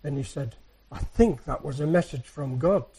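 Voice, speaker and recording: A soft-spoken man preaching to his congregation in an easy, rambling storytelling way. His voice is husky and mellow, and a little higher than most men's. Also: normal speed, low-quality recording. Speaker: church speaker. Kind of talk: anecdotal sermon.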